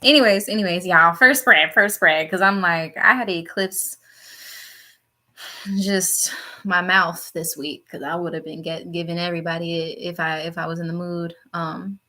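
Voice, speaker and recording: A young woman reads tarot live for her chat, talking fast and casually with plenty of swearing and laughter. Her voice is bright and clear, and she jumps between topics with sudden high, loud bursts. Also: fairly even intonation. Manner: chatty, profane, laughs often, talks to chat. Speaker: tarot reader hosting a live stream.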